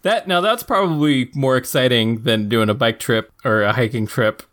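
A man's voice: medium pitch, normal speed, a bit bright. A man co-hosting a podcast, playful and enthusiastic, laughing often in casual banter. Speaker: podcast co-host.

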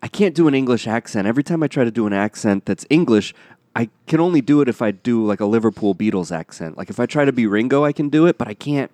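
A man's voice: medium pitch, expressive, fast, a little mellow, dry recording. A man co-hosting a comedy podcast, rambling and self-deprecating in playful improv banter. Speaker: podcast co-host.

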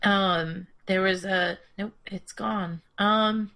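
A young adult woman co-hosting a casual true-crime podcast, telling stories in a playful, animated way. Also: medium pitch, extremely slow. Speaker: podcast co-host.

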